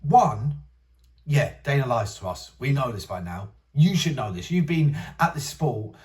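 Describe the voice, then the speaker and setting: A man's voice: medium pitch, expressive, unhurried, a little mellow, recorded from a distance. A young man hosting a casual commentary channel, ranting in an exasperated, rambling way and mocking others in whiny voices. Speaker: MMA commentary channel host.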